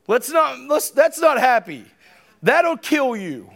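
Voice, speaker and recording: A man in his thirties, a preacher delivering an emphatic, conversational sermon with sudden loud bursts. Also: very high-pitched, very animated, normal speed. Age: 30s.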